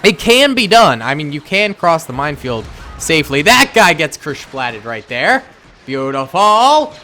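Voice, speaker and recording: A man giving casual, excitable commentary on a battle simulation game, gleeful with frequent exclamations. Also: a little high, normal speed, faint music behind. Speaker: gameplay commentator.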